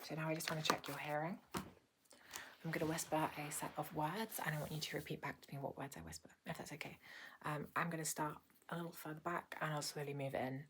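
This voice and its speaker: A woman with a low voice performs a whispered role-play as a doctor, close to a sensitive microphone. She talks softly and unhurriedly, pausing with gentle "um"s. A faint hiss sits under her voice. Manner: soft-spoken and unhurried, with frequent hesitant "um"s. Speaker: ASMR creator playing a doctor. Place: small indoor home filming room.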